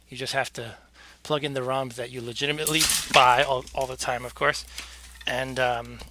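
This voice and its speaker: A man hosts a casual live game stream from home, sounding out of breath as he chats and jokes. His medium-pitched voice is bright and forceful, and he fills his talk with fillers, quick asides, and self-deprecating humor over slight background noise.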